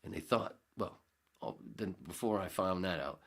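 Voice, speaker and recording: A man's voice: deep voice, brisk, fairly bright tone. A man hosting a podcast, telling a rambling story in a casual way, swearing freely and acting out scenes with sudden jumps in his voice. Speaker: podcast host.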